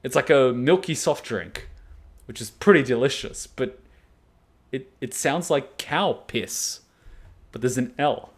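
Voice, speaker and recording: A man from Australia, hosting an anime reaction video and chatting casually with jokey, animated storytelling. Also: mid-range voice, unhurried, long pauses. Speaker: anime reaction channel host.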